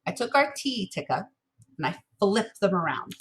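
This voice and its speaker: A woman music teacher giving a recorded lesson, patiently encouraging students and chanting rhythm syllables slowly. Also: medium pitch, very animated, slight background noise.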